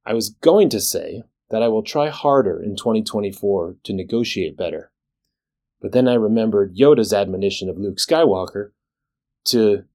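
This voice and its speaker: A man who is a physician and the show's host reads a scripted weekly recap in a measured, plain way, with a dry sense of humor. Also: fairly low pitch, a little mellow. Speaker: physician leader and podcast host.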